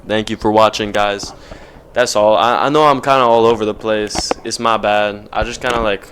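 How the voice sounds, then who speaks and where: A man's voice: fairly low pitch, steady tone, moderate pace, noisy background. A young man vlogging off the cuff, rambling with lots of slang and filler words. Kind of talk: casual off-the-cuff vlog talk.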